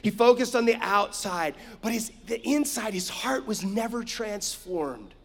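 A man's voice: high-pitched, lively intonation, a little slow, vocal fry, long reverb tail. A man preaching a sermon, emphatic, with frequent rhetorical asides to his listeners. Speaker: pastor.

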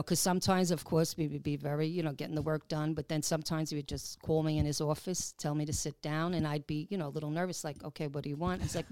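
New woman, low voice, dry close sound, chatty interviewee full of fillers. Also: darkish tone, smooth, no room sound. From New York. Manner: chatty, many fillers like "you know", laughs often. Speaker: executive assistant at a racetrack, interviewee. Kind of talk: casual interview, reminiscing.

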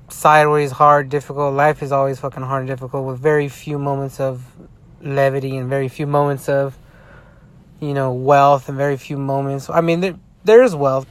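A tired man in a casual vlog rant, rambling with heavy swearing and frequent restarts. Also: medium pitch. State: tired, yawning. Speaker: sports fan vlogger.

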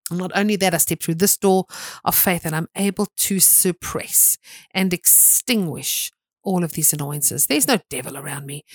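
A woman's voice: on the low side, no room sound. Woman preaching, punchy and repetitive, pretty dry close sound. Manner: emphatic, repetitive preaching with dramatic bursts. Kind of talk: sermon.

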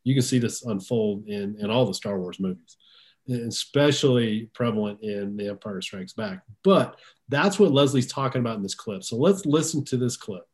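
A man's voice: medium pitch, moderate pace, a little mellow. Conversational man hosting a podcast. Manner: conversational, repeats words while thinking aloud. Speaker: podcast host. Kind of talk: casual podcast chat.

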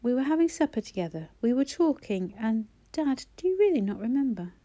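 Woman voicing a gentle, soothing son. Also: on the high side, sing-song, a little fast, voice pushed up.

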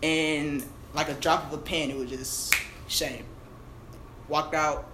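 A young adult podcast co-host telling a personal story in fast, candid, slang-filled casual chat. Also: mid-range voice, little pitch movement. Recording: echoey room, mic at a distance, faint hiss.

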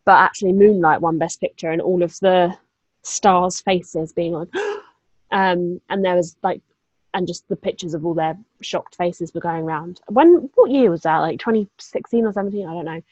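A woman's voice: fairly low pitch, a little fast, darkish tone, breathy edge, dry recording, dull audio. A young woman co-hosting a podcast, chatting casually with plenty of fillers, asides and the odd swear word. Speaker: podcast co-host. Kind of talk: casual chat.

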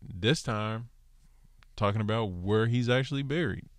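A man's voice: fairly low pitch, a little slow, dry recording. A man teaching a casual scripture lesson, walking through Hebrew word studies with lots of "so" and "okay.". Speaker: Bible teacher.

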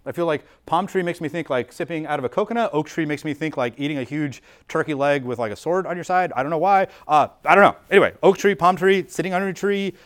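A man's voice: a little high, fast talker, few pauses. Casual, conversational male preacher. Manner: casual and explanatory, frequent "like" and restarts. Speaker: pastor. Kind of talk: conversational sermon.

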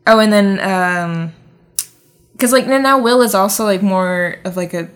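A woman's voice: mid-range voice, measured pace. A woman co-hosting a podcast, casually recapping a movie's plot with lots of "like" and "um" fillers. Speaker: podcast co-host.

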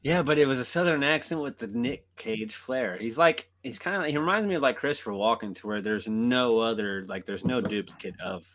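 A man's voice: medium pitch, fairly quick, few pauses, a bit bright. A man co-hosting a podcast, chatting casually about movies, laughing often and swearing freely. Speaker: podcast co-host. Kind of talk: casual chat.

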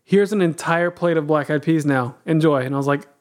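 A man's voice: on the high side, a little fast. A man co-hosting a podcast, teasing the others and telling stories with frequent laughter. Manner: teasing storyteller, laughs often. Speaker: podcast co-host. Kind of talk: casual chat.

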